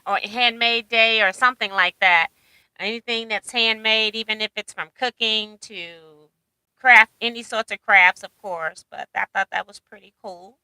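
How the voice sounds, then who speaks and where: A woman's voice: fairly high pitch, bright, forceful tone, clear, resonant tone, no room sound, rough recording. A woman hosting a casual livestream, reading out viewer comments and chatting with a laugh. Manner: chatty, laughs often, reads comments aloud. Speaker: livestream host.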